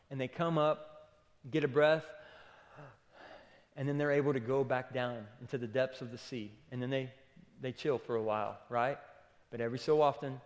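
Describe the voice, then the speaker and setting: Pastor, male, mid-pitched, casual emphatic sermon delivery, long hall reverb. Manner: conversational, emphatic, lots of "okay" and "listen". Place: church auditorium.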